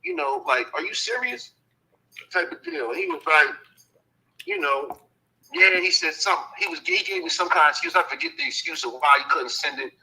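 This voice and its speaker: A man tells a rambling story in casual talk, his voice bright and edged, swinging widely up and down in pitch. He keeps dropping in "you know what I'm saying" and slips into the voices of the people he quotes. The sound has a radio-broadcast feel. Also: sing-song, a little fast, vocal fry, slight background noise, low-quality recording. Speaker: dog transporter telling a story.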